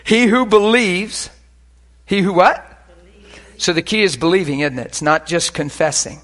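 A man preaching a sermon, animated and full of stories, moving between loud exclamations and quiet, hushed asides. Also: high voice, moderate pace.

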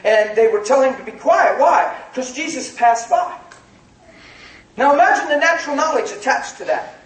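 A man preaches in a folksy, laughing manner that builds into shouts. His voice sits very high for a man. It rings through a hall, picked up from a distance. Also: expressive, moderate pace. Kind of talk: sermon. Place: church hall. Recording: echoey hall from far off.

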